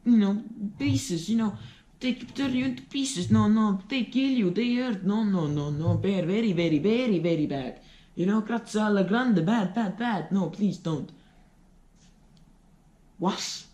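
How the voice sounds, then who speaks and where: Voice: medium pitch, warm tone, close to an everyday voice. A speaker voicing a frightened foreign man in a bar who pleads in broken English, repeating no and please. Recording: roomy echo.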